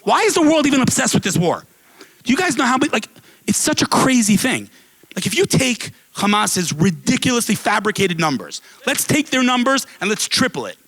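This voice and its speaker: A man giving an impassioned speech to a live audience at an event, telling stories and asking rhetorical questions in a casual, animated way. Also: very high-pitched, brisk, low-quality recording. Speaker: guest speaker at an advocacy event. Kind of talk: impassioned public speech with storytelling.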